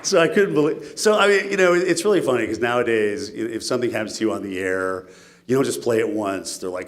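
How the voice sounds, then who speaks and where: A male TV meteorologist telling self-mocking stories in a lively keynote talk. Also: lowish voice, fast. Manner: animated, self-mocking anecdotes.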